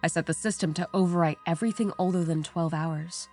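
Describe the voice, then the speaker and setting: A woman narrates a horror story in a measured, somber way. Her voice sits low and has a dark, mellow tone. Faint music plays quietly beneath her reading. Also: steady tone. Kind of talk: scripted narration. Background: faint background music.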